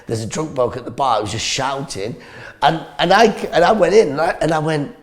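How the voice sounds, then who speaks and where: Animated comic storyteller. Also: male voice, fairly high pitch, a little fast. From northeast England. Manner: animated storyteller, acts out the people in his stories, laughs a lot. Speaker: comedian co-host. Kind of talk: casual comedy podcast anecdote.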